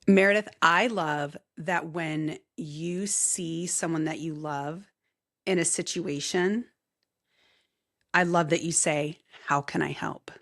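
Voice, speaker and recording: A woman's voice: sits low, fairly even intonation, slow pace. A woman co-hosting a casual podcast, playful and upbeat, who often cheers her partner on. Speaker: podcast co-host. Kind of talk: casual chat.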